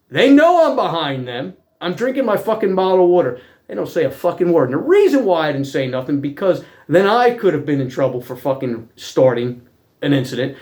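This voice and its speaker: A middle-aged man tells a story as a heated, profane rant, swearing in nearly every sentence with blunt working-class bluntness. His voice sits high and swings widely in pitch as his temper rises and falls. The talk is rough and direct, never polished. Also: a little mellow. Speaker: vlogger telling personal stories.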